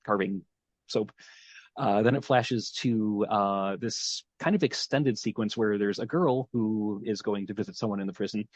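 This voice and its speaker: A man with a lowish voice hosts a casual podcast, recapping a plot in a meandering way and thinking aloud as he goes. The sound is dull and lo-fi. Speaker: podcast host. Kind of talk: casual chat, episode recap.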